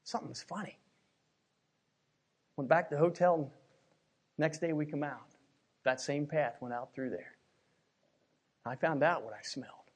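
Male preacher, middle-aged, from Pennsylvania, slightly higher voice; emotional sermon delivery, hushed then loud. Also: a little slow, long pauses, breathy edge. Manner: emotional, repeats words, swings from hushed to loud. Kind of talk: sermon with personal story.

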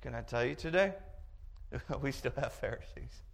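A man preaching a sermon, telling a story in an animated way with chuckling asides. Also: mid-range voice, normal speed, creaky.

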